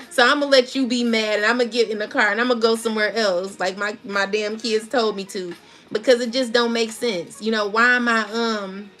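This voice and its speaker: A woman's voice: a little high, fairly bright tone. A woman giving a casual spiritual tarot reading, talking in a chatty, slangy, laughing way. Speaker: tarot reader.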